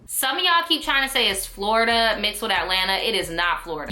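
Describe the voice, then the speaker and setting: A woman's voice: mid-range voice, brisk, hardly any pauses, bright, forceful tone. A young woman from New York, a vlogger ranting casually to camera, blunt, sassy and full of profanity. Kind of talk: casual opinion rant to camera.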